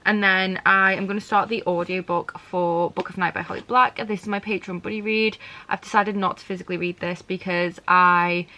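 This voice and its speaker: A woman's voice: lowish voice, fairly even intonation, moderate pace, bright, forceful tone. A woman book vlogger chatting casually to camera, rambling a little and often saying "like". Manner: chatty, rambling, frequent "like" fillers. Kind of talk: casual vlog chat to camera. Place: indoors at a bookstore on a break.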